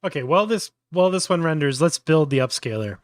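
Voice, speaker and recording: A man's voice: fairly high pitch, animated, fast talker, no echo, studio quality. A man hosting a casual live tutorial, thinking aloud with many fillers and restarts. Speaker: host.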